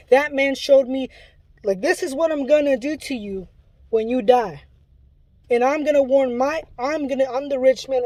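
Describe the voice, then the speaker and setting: A man's voice: extremely high pitch, mellow, no echo. A man delivering an impassioned spoken warning, pleading and urgent in a preachy way, often restarting his sentences. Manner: rambling with restarts. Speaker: self-described Luciferian giving a testimony.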